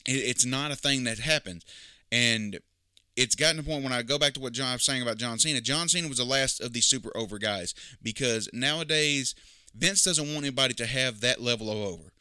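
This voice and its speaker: A man's voice: medium pitch, brisk, bright, forceful tone, smooth, no room sound, clean studio sound. A man giving opinionated, emphatic casual commentary, critical and repeating his points. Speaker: wrestling commentator.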